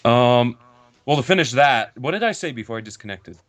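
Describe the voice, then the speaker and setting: A man talks casually on a podcast call, ranting at length and slipping into quick character impressions. His pitch sits in the middle range. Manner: animated, mimics characters while ranting. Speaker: podcast guest.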